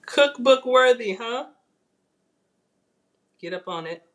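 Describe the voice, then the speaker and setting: A woman hosting a live-streamed cooking class from a home kitchen, chatty and excitable, talking straight to her viewers. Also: fairly high pitch, slow pace.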